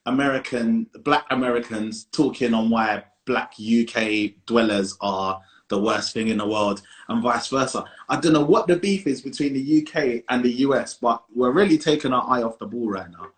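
A man's voice: medium pitch, moderate pace. A young man with a London accent, co-hosting a casual podcast and speaking bluntly and emphatically with plenty of slang. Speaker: podcast co-host. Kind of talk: casual chat.

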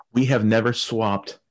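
A man's voice: mid-range voice, noisy background. Laughing, profane male storyteller. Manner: animated, laughing, heavy swearing, acted-out quotes.

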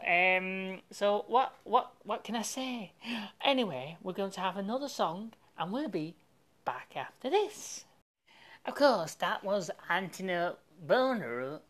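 A woman presents a homespun radio show in a loose, chatty way, drifting from one link to the next. Her voice sits in an ordinary middle range, neither high nor low. She fills the gaps with plenty of "uh"s and little jokes. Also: a bit bright. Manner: rambling and jokey, with many fillers. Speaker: radio host.

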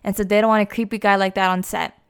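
A young woman retells a plot casually, fast and chatty, like she's catching up with a friend. Her smooth, clear voice sits at an ordinary middle pitch, and she scatters in lots of "like" and "you know."

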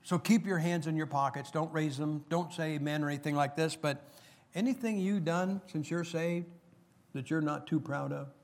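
A man's voice: fairly high pitch, fairly even intonation, normal speed. A middle-aged man preaching a sermon, chatting with the congregation and reading scripture aloud with rising emphasis.

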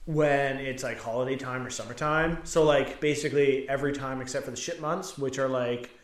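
A man's voice: mid-range voice, steady tone, fairly quick, distant mic. Male co-host, loose rambling banter, roomy off-mic sound. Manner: rambling, filler-heavy, joking. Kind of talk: casual beer-tasting chat.

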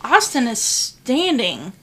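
A woman co-hosting a casual podcast, telling a story in an animated way and swearing freely. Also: on the high side, takes it slowly. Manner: animated, swears freely, loud when retelling. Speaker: podcast co-host.

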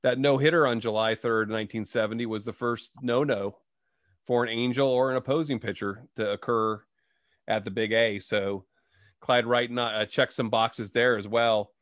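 A man's voice: medium pitch, steady tone, normal speed, fairly bright tone, dry recording, clean studio sound. A man hosting a casual sports talk show, reciting player stats and asking his guest questions. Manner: reads stats, asks questions. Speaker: host.

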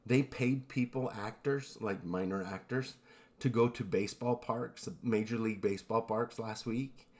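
A man co-hosting a podcast, telling eerie stories in a relaxed, rambling way with lots of fillers. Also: fairly low pitch, normal speed. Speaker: podcast co-host. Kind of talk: casual storytelling chat.

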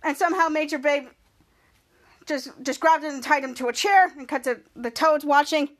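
Woman podcast host, casual recap, rambling, restarts often, high voice. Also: moderate pace. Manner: rambling, frequent restarts, excited.

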